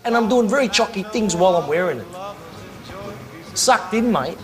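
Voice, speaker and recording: Blustery Aussie pizza owner, high voice, taunting. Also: male voice, animated, normal speed, fairly bright tone, faint music behind. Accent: Australian. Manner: blustery, taunting, "mate" and "sucked in". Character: brash male pizza shop owner, defiant and mocking.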